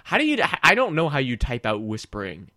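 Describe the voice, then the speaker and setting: Animated young man chatting on a show. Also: mid-range voice, fairly quick, dry recording, studio quality. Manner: animated, rambling with restarts. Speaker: co-host. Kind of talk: casual chat.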